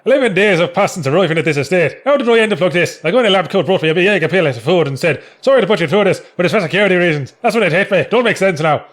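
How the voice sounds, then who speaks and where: A man reading a game diary aloud in a comedy Irish accent, playing a trapped male writer with hammy, loud, sing-song delivery. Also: high-pitched, lively intonation, very fast, hardly any pauses, pitched above the performer's own voice. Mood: melodramatic.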